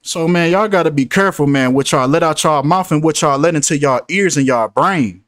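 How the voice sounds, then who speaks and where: A man talking to his viewers in a casual commentary, preachy and repetitive as he drives his points home. His voice sits a little high. The sound is close and dry. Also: a little fast, fairly bright tone, dry recording. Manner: preachy, repeats himself for emphasis. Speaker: host.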